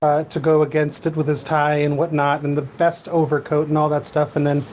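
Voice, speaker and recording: A man's voice: a little high, monotone, fairly quick, a little mellow, slight background noise, poor audio. A man co-host narrating a story in casual chat, rambling and hesitant with many fillers.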